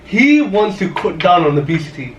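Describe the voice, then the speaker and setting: A man co-hosting a podcast in casual chat, agreeable and quick to laugh along. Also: high-pitched, very animated, recorded from a distance, lo-fi sound. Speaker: podcast co-host. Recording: roomy echo, off-mic, faint noise.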